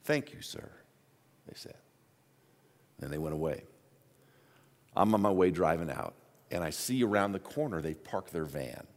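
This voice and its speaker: Animated male pastor preaching a sermon. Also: low voice, moderate pace, creaky, long pauses. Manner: animated storytelling, voice swinging from hushed to loud.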